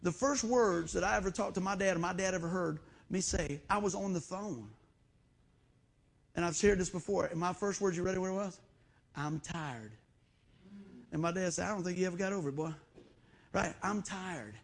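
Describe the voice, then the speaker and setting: A man's voice: high voice, fairly quick, gravelly. A middle-aged man preaching a sermon in church, telling folksy stories and acting out the voices he quotes. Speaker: pastor.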